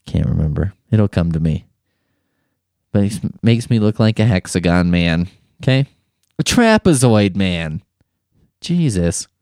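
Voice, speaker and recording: A podcast host delivers a rambling, irreverent, jokey comic monologue into a studio mic. His voice is low, sing-song and darkish, a little slow with frequent pauses, and the recording is dry.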